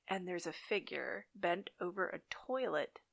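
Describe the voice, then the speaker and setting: A woman's voice: on the low side, animated, measured pace, vocal fry. A woman chatting casually and dramatically as she recaps a TV episode, with wry asides.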